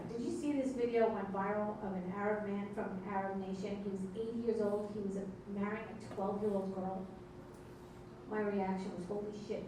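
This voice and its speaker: A woman hosting a comedy club night, doing stand-up between acts and teasing and hyping the crowd in a brash way. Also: medium pitch. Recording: echoey club room, distant mic, background noise.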